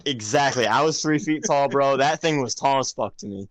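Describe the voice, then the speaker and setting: A young man co-hosting a podcast, telling stories in a loud, animated way, full of swearing and laughter. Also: medium pitch, moderate pace, a crowd in the background. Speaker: podcast co-host. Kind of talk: casual chat.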